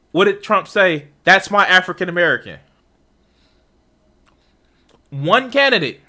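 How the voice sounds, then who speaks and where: A man's voice: a little high, sing-song, normal speed, pushed and bright. A man streaming a reaction to a debate, talking casually with profane, incredulous outbursts.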